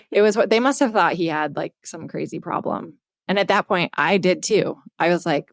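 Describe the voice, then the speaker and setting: A woman with a slightly low voice tells a story on a podcast, frank and animated, and she swears casually. The sound is dry and close, with no room echo. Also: moderate pace, creaky, few pauses. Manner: candid, swears freely, animated retelling. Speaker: podcast co-host.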